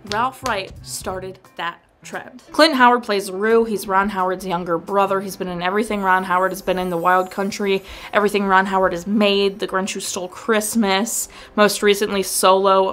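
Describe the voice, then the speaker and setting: A woman hosting a film review vlog in a casual, enthusiastic tone, rattling off cast lists and credits in eager bursts. Her voice sits at an ordinary middle pitch for a woman. Faint music plays underneath. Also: fairly bright tone.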